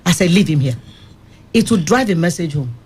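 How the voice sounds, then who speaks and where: Husky-voiced woman telling stories firmly. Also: on the low side, animated, a little fast, darkish tone. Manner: firm, vivid anecdotal storyteller. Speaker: rehab center operator, radio guest. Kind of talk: studio panel discussion, storytelling. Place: radio studio.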